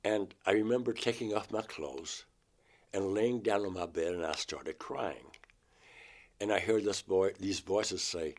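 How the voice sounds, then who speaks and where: This Georgia man, a guest in an interview, emotionally relives a personal story in vivid detail and performs his own lines. He speaks in a low, slightly mellow voice, unhurried, with long pauses.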